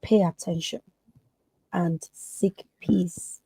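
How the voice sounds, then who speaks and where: A woman's voice: fairly low pitch, steady tone, drawn-out words, creaky, warm tone, slightly rough, no room sound, rough recording. A woman therapist speaking as a podcast guest, earnest and emphatic. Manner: emphatic, acts out quoted voices.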